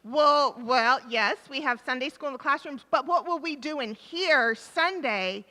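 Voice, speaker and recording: A woman leading a children's time in a church service, asking the children questions and warmly repeating their answers, speaking into a microphone in the sanctuary. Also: high-pitched, unhurried. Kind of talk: interactive children's talk with questions. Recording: reverberant church hall.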